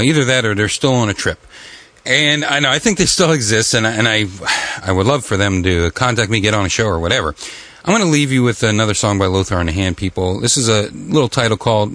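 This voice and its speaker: A man hosting a comic talk show, wisecracking and halting, with many fillers and restarts, often jumping into loud, high, exaggerated voices. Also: no echo. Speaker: radio show host.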